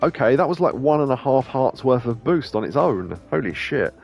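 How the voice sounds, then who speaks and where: A man's voice: medium pitch, sing-song, normal speed, vocal fry, lo-fi sound, faint music behind. A man hosting a let's play, thinking aloud about choices and swearing freely. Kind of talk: casual gameplay commentary.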